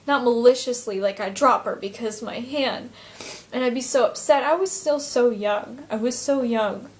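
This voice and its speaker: A woman vlogger telling a personal story in an earnest, emotional way, faltering and restarting often. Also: fairly high pitch.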